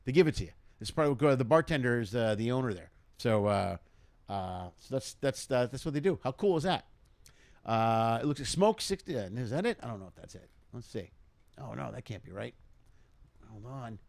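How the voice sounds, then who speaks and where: A man's voice: medium pitch, lively intonation, brisk, vocal fry, darkish tone, dry recording. Rambling man hosting a live stream. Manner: rambling, hype-man energy, many fillers. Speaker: show host. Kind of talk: casual live-stream chat.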